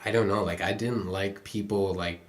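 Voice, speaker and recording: A man's voice: deep voice, steady tone, moderate pace. A young Canadian man co-hosting a podcast, telling stories in a rambling, profane way full of fillers. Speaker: podcast co-host. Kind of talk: casual chat.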